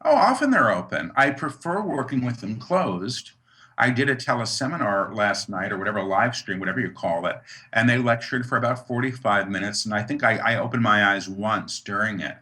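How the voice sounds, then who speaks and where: Bright-toned reflective man. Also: fairly low pitch, animated, a little fast. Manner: earnest, reflective, many restarts and "you know"s. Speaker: guest, author and medium. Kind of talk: conversational interview.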